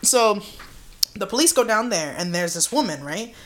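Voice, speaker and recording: A woman's voice: medium pitch, animated, moderate pace, fairly bright tone. A young woman co-hosting a podcast, telling a creepy story in casual chat, full of swearing and "like" and "right?". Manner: swears a lot, fillers like "like" and "right?". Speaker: podcast co-host.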